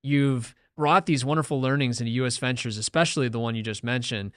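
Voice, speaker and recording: A man's voice: mid-range voice, fairly even intonation, fairly quick, fairly bright tone, dry recording, studio quality. A man hosting a podcast interview, enthusiastic and loose, with plenty of fillers. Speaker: podcast host. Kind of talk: casual interview.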